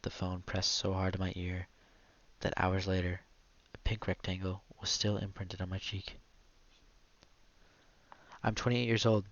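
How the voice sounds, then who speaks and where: Flat-voiced man reading literary fiction. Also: lowish voice, no room sound, highs cut off. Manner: measured, quiet, reflective delivery. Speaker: audiobook narrator. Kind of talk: literary audiobook narration.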